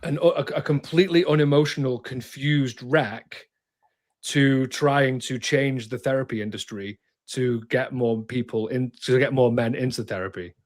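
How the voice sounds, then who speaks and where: A man's voice: medium pitch, normal speed. A man in his thirties, a therapist, speaking candidly in an interview, direct and emphatic, sometimes swearing and restarting his sentences.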